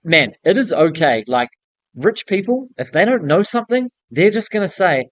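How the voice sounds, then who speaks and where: With a high-pitched, sing-song voice and a slightly fast pace, this contractor gives newcomers in the building trade direct, blunt business coaching. He keeps checking in by tacking "okay?" onto his points, and the recording has no room sound.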